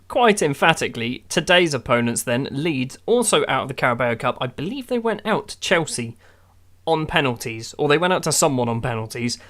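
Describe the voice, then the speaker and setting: A man's voice: mid-range voice, fairly bright tone. A man giving wry, exasperated play-by-play of his own football management game. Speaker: gaming YouTuber. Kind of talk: casual game commentary.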